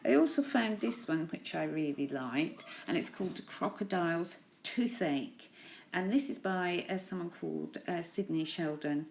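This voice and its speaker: A woman's voice: on the low side, normal speed, gravelly, slight background noise. A woman teacher in a recorded lesson, reading poems aloud to her pupils and chatting about them in a friendly, encouraging way with frequent laughs. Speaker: primary school teacher.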